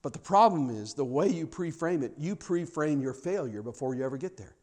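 A male pastor preaching a sermon, telling stories with lively repetition and building to a forceful cadence. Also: fairly high pitch, brisk. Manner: animated storytelling, repeats phrases for emphasis.

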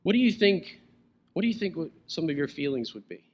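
A man's voice: a little high, big pitch swings, brisk, darkish tone, dull audio. A man preaching a sermon as pastor, conversational and playful, chuckling now and then.

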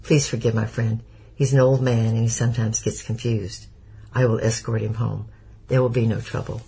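A man voicing a cautious middle-aged friend who gives hushed, urgent warnings. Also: medium pitch, flat delivery, moderate pace, vocal fry, slightly rough. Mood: placating.

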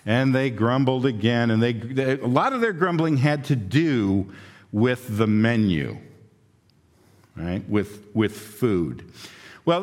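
Brief: man, pastor, slow conversational sermon, long hall reverb. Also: mid-range voice. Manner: conversational storytelling, acts out quotes.

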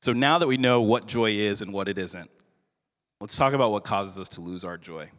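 A male pastor giving a sermon in an earnest, measured way, slowing down for emphasis. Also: fairly low pitch, fairly bright tone. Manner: earnest, measured preaching with slowed emphatic phrases. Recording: long hall reverb.

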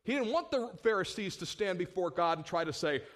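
High-voiced male pastor, animated sermon delivery, rhetorical questions, loud-to-hushed swings. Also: brisk.

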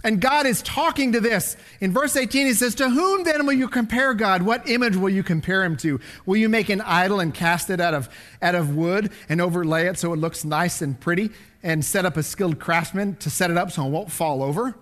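This fairly quick sermon comes from a pastor whose voice sits high. He moves from ringing, forceful statements to hushed near-whispers while he reads and interprets the Bible.

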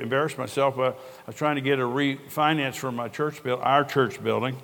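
A man's voice: medium pitch, fairly bright tone. Older male pastor, conversational sermon, earnest storyteller, church hall with long echo. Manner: earnest storytelling, conversational preaching with quoted dialogue. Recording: long reverb of a large hall.

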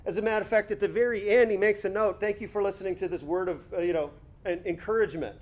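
A man preaching a conversational sermon, teaching with rhetorical asides and quick self-corrections. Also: high voice, fairly even intonation, darkish tone. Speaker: pastor.

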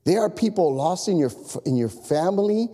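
Animated pastor preaching in a big echoing hall. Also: male voice, high voice, moderate pace. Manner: animated, repetitive exhortation with asides. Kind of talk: sermon. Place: church sanctuary. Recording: long echo of a large hall.

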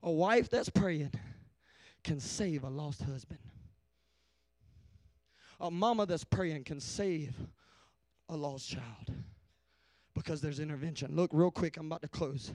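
A young adult man preaching a sermon, shouting in rhythmic bursts and dropping to hushed near-whispers. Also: a little high, no room sound. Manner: drops to a hushed near-whisper in slow passages.

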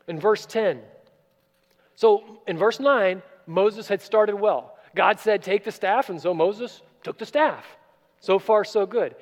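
A man preaching a sermon, expressive, moving between loud emphatic passages and quiet, low asides. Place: church sanctuary. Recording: church with long reverb.

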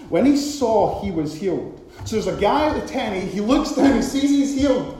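A man preaching a sermon, retelling a scripture story with animated, repetitive emphasis, recorded in a very echoey hall. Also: high voice, normal speed, a little hiss or hum.

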